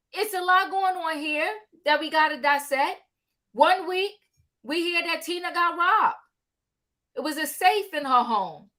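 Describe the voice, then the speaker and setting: A woman hosting a casual live-stream talk show, animated and calling out to her viewers. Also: extremely high pitch. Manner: animated, calls out to viewers, drawn-out exclamations. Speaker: livestream host.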